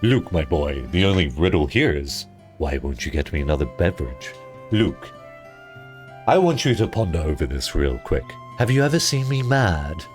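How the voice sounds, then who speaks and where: A man voicing a pompous, genteel older professor from a puzzle video game, speaking slowly and with a drawn-out, mock-gentlemanly tone. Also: low voice, big pitch swings, soft background music, pitched below the performer's own voice. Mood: stern.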